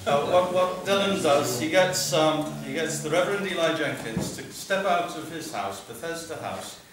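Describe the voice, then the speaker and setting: A man's voice: a little high, expressive, moderate pace, background noise. A man from Wales chatting and joking as he introduces a song at a live concert. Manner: chatty, jokey, rambling. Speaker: folk singer introducing a song. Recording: echoey hall, far from the mic, live music.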